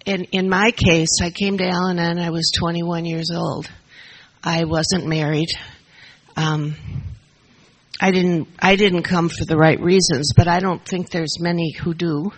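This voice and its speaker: A woman's voice: fairly low pitch, little pitch movement, unhurried, poor audio. An older woman sharing her story at a recovery meeting, emotional and a little nervous, speaking into a shared mic. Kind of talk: personal testimony to a group. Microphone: shared handheld mic.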